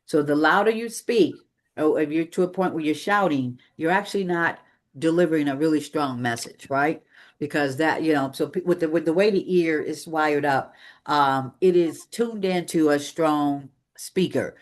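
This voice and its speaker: A public speaking coach teaches a live room with an energetic, emphatic delivery and a mid-range voice. The pace keeps shifting, slowing on key points and speeding through transitions. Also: mid-range voice. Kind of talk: live training presentation. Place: meeting room with an audience.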